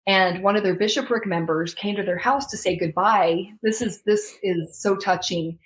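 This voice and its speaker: A woman's voice: mid-range voice, normal speed, poor audio. A woman guest on a podcast, telling a personal story earnestly, with many fillers and restarts.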